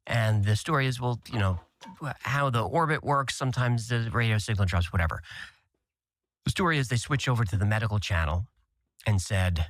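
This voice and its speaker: A man's voice: lowish voice, a little fast, no echo, studio quality. A man speaking as a guest in an interview clip, telling a story in a matter-of-fact way. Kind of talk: interview talk.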